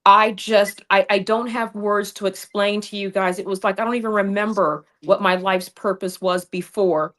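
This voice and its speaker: A woman's voice: mid-range voice, steady tone, normal speed, hardly any pauses, fairly bright tone. Woman host on a political stream, fired up and indignant, video call mic. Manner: impassioned, indignant storytelling. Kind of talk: political talk show.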